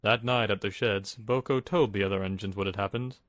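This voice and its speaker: Low-voiced man narrating a story. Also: steady tone, fairly quick, a bit bright, no room sound, clean studio sound. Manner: dramatic reading.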